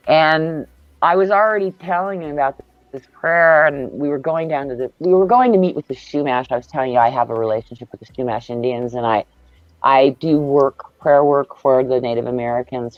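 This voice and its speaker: Over a video call, a woman with an extremely low voice hosts a casual spiritual chat, telling stories with intensity and emphasis and swearing freely. The video call mic gives dull, lo-fi, dry audio.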